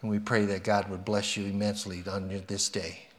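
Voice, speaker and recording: Lively male pastor at a service. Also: fairly low pitch, fairly quick, background noise. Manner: lively storytelling, earnest in prayer. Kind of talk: sermon with a read story and prayer.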